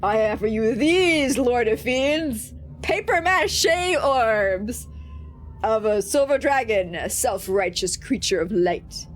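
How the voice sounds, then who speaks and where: A woman's voice: on the high side, lively intonation, slow, a little hiss or hum. A woman voicing a cruel, haughty female drow spellcaster, reading game dialogue in a stern, commanding way.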